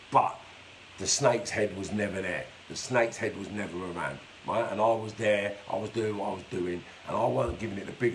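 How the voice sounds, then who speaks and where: On a live stream, a man tells his life story bluntly and in a streetwise way, swearing constantly. His voice is on the low side. The low-quality recording, likely from a phone or webcam, has a little hiss or hum.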